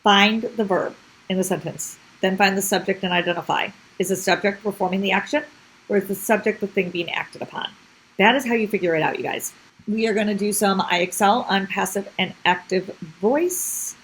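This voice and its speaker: A woman's voice: mid-range voice, moderate pace, husky, poor audio. A woman teacher explaining a grammar lesson step by step, often checking in with the class.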